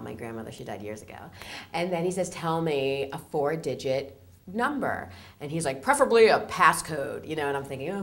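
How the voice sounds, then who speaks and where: A woman telling a story in an interview, bright and lively, with a pitch that swings widely. She is excitable and acts out both sides of the conversation, breaking into shrieks of disbelief. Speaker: casting director.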